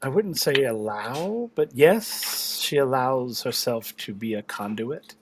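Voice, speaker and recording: Man doing a soft, tender female spirit. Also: medium pitch, lively intonation, slow, background noise. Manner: tender, longing.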